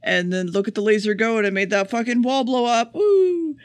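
Podcast co-host, man, high-pitched, dry close sound, sarcastic swearing recap. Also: clear, resonant tone, no echo. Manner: profane, sarcastic, rapid plot summary. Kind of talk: casual chat, episode recap.

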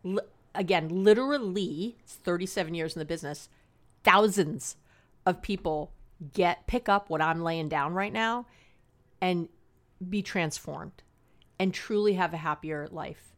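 A woman's voice: lowish voice, unhurried. A middle-aged woman counselor hosting an advice podcast, talking in a chatty, earnest and passionate way and laughing at herself. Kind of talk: casual advice podcast monologue.

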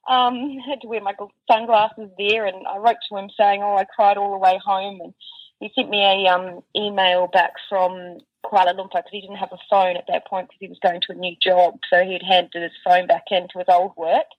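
A woman recalling a painful family memory in a halting voice, full of restarts and fillers. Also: medium pitch, little pitch movement, no echo. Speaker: interview guest. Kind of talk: emotional personal recollection. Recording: dull, distant, dry sound.

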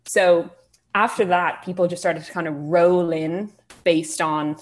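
As a podcast guest, this young Irish woman in her twenties talks casually, poking fun at herself and using lots of fillers. Her voice is on the low side, steady and unhurried.

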